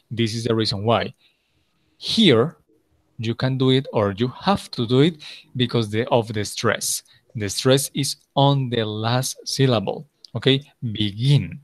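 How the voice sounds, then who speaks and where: A man's voice: mid-range voice, fairly bright tone, no echo. A man with a Colombian Spanish accent and Spanish as his first language, patiently teaching English grammar step by step in an online lesson. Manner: patient, explains step by step, switches to Spanish to clarify.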